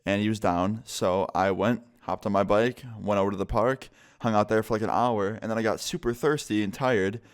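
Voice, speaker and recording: A man's voice: lowish voice, steady tone, moderate pace, smooth. A young man telling a casual, profane storytime to his viewers and acting out the quotes. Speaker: vlogger.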